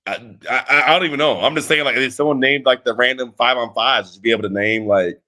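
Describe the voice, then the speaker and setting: In a casual interview, a wrestling trainer tells rambling stories at a quick pace, his male voice sitting at medium pitch. He's an animated storyteller who keeps restarting and performs the quotes he recounts.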